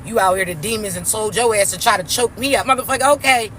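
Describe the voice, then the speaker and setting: A woman's voice: medium pitch, fast talker, fairly bright tone, slight background noise. A young woman ranting casually to her viewers, brash, profane and mocking as she talks. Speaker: spiritual vlogger. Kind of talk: casual rant to camera.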